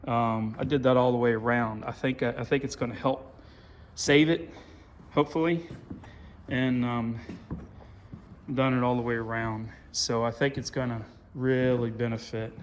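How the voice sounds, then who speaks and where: A middle-aged man walking through the old barn he restored, talking in a halting, rambling way full of fillers. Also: mid-range voice, steady tone. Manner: rambling, halting, self-deprecating, many fillers. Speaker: farm owner showing his restored barn. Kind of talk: casual walkthrough vlog.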